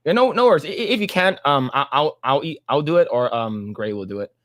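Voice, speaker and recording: Male podcast host, somewhat high voice, rambling casual chat, laughs often, dry close sound. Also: expressive, fairly quick, no echo.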